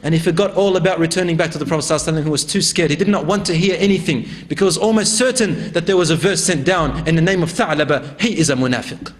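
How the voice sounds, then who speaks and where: A high-voiced man preaching, telling a religious story with dramatic, animated delivery. He builds the tale with vivid, emphatic phrasing as a sermon storyteller.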